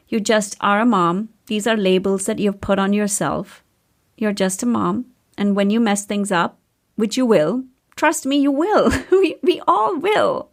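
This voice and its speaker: Woman, thirties, podcast host, casual candid talk, chatty storyteller, mid-pitched voice.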